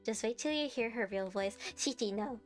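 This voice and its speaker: A woman's voice: a little high, moderate pace, soft background music. A young woman streamer, bubbly and giggly, chatting and playfully teasing her viewers on a live stream.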